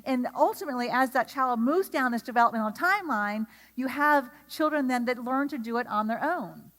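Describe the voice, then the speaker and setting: A woman's voice: sits high, brisk. Woman lecturing teachers in a reverberant hall. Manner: animated, asks the audience questions. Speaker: speaker at an educator training.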